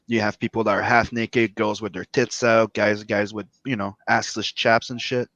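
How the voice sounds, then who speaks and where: A man's voice: on the low side, little pitch movement, normal speed, fairly bright tone, no room sound, dull audio. A man chatting bluntly on a podcast, stumbling a little over his words. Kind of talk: casual chat.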